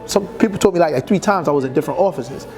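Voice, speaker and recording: A man's voice: on the high side, racing, over music. A man telling a story in a casual interview, acting out the dialogue in street slang. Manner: animated, acts out quoted dialogue in street slang.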